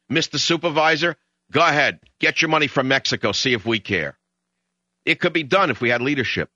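A man with a New York accent hosting a talk radio show, emotional and combative when he gets excited. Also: medium pitch, no echo. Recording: slightly dull lo-fi radio sound.

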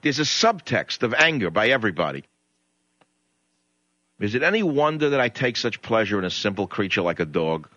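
Ranting male radio host, bright lo-fi. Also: fairly low pitch, very animated, no echo. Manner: ranting, indignant, rapid storytelling. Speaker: radio talk show host. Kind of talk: talk radio monologue. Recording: dull lo-fi radio broadcast.

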